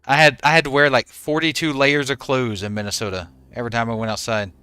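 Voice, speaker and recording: A man's voice: mid-range voice, steady tone, fast, pushed and bright, smooth, dry recording. A man in his forties, a game streamer chatting casually with his viewers and answering them by name.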